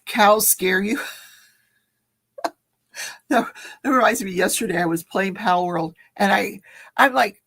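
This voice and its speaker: Gravelly, husky woman chatting casually. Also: lowish voice, unhurried, pauses often, fairly bright tone. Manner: chatty, laughs often, storytelling. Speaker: livestream host. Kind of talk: casual chat with live viewers.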